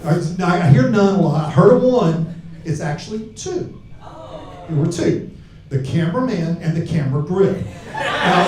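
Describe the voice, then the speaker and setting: A man from Alabama, doing a crude, brash stand-up set on a club stage with a handheld mic. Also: high-pitched. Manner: crude, brash, shouting punchlines. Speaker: stand-up comedian. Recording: roomy club sound from far off.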